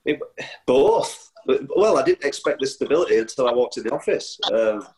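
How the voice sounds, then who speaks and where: A footballer from Sheffield, England, speaking with a Northern English accent, is a guest in a casual chat. He tells anecdotes chattily, often restarting and laughing. His medium-pitched voice is expressive and darkish at a moderate pace, and the audio is poor.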